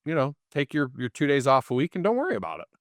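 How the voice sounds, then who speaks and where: A man's voice: mid-range voice, fast, dry recording, clean studio sound. A man, the guest in a casual interview, tells anecdotes and acts out the people in them. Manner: animated storyteller, acts out quoted people.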